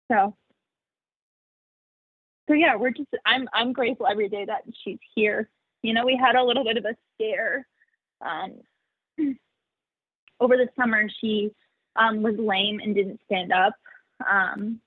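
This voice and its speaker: A woman's voice: a little high, slightly rough, no room sound. A young woman giving casual interview answers about her animal sanctuary, chatty, full of "like" fillers and frequent laughs. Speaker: sanctuary founder, interview guest. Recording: dry, phone-like narrow sound.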